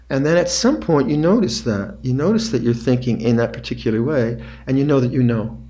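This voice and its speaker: An older man giving calm meditation instructions at a retreat, unhurried, often repeating phrases quietly. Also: mid-range voice. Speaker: meditation teacher. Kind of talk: dharma talk.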